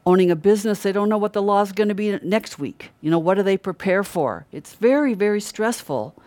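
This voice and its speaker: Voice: medium pitch, a little fast, a little mellow, no echo. Earnest conversational preacher, dry close sound. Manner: earnest, emphatic repetition of key words. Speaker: Christian preacher. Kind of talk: conversational sermon.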